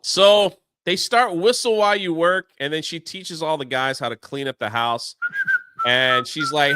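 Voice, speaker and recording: A man hosting a casual talk show, recapping a film in an animated way and briefly putting on voices for its characters. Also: sits high, clean tone, no echo. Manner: animated retelling, acting out characters' lines in quick put-on voices. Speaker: show host. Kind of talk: casual movie recap chat.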